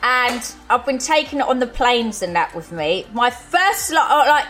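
Woman, podcast host, casual chat, swears freely, high voice. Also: lively intonation, moderate pace, a bit bright, faint music behind.

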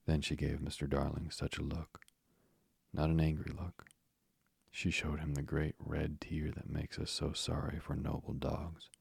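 A man reading a classic children's book aloud in a soft, soothing bedtime narration. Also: extremely low pitch, gravelly, slightly rough, no room sound. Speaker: bedtime storyteller. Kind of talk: slow soothing sleep-story narration.

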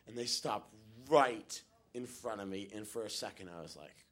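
A man telling a comic story on stage, animated and acting out the people he meets. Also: lowish voice, moderate pace, heavy background noise. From United States. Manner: animated, acts out the people in his story with big voices. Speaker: stand-up comedian.

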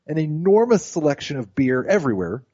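A man appearing as a regular guest on a fantasy football podcast, talking quickly and eagerly. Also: fairly high pitch, sing-song, warm tone, highs cut off. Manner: enthusiastic, quick, talkative. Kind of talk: casual podcast chat. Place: hotel.

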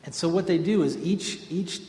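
A man's voice: on the high side, moderate pace. Man preaching in an echoey hall. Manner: storytelling, animated and conversational. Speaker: pastor. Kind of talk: sermon. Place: large hall with an audience. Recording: echoey hall, faint ambience.

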